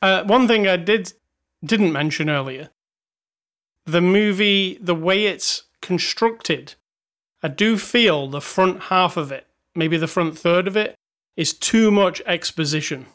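A man's voice: sits high, slow pace, fairly bright tone. A man co-hosting a podcast, chatting casually and thinking aloud about a movie. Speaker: podcast co-host. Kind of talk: casual film review chat.

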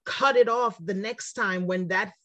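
A woman's voice: medium pitch, a little slow, dry recording. A woman hosting a podcast, talking reflectively and with emphasis, speeding up as she lists examples. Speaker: podcast host. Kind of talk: conversational podcast talk.

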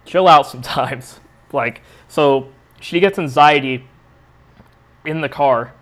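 A man's voice: fairly high pitch, slow pace, fairly bright tone. A young adult man hosting a podcast, telling a rambling, profane story in a casual, laid-back way. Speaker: podcast host.

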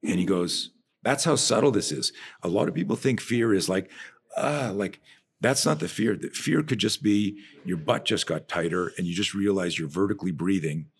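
A man with a very low voice and a husky, breathy edge, talking as a guest on a podcast. He tells stories with plenty of energy, loses his thread now and then, and circles back with restarts. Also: moderate pace. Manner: animated storyteller, trails off and restarts sentences. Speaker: guest, fear-management and martial arts trainer. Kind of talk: conversational podcast storytelling.

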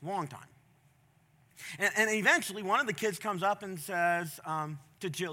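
A middle-aged male pastor preaching a sermon from a church stage, passionate, moving from quiet storytelling to loud, emphatic appeals. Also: high voice, lively intonation, a little fast.

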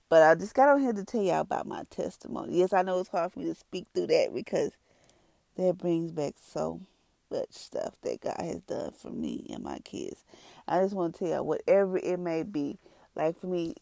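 A woman's voice: lowish voice, creaky, dry recording. A woman, a mother sharing an earnest personal testimony with viewers in a conversational, storytelling way. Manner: earnest, conversational, storytelling with lively quoted reactions.

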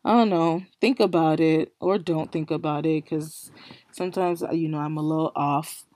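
Chatty woman podcaster, warm low voice. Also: steady tone, normal speed, dry recording. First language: not English. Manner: rambling, incredulous questioning with fillers. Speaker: podcast host. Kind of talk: casual solo podcast musing.

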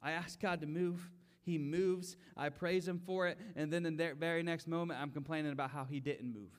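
A man's voice: a little high, steady tone, moderate pace. A man preaching a conversational sermon, acting out complaining voices and rising to emphatic pleas.

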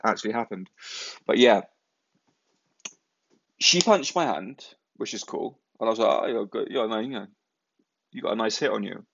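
Young male storyteller, low gravelly voice, casual and sweary, dry close-mic sound with a muffled edge. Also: dry recording. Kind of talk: casual anecdote.

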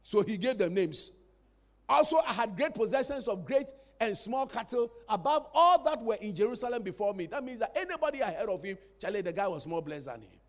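A man preaching a sermon in a church, animated and playful, drawing responses from the congregation. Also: high voice, brisk.

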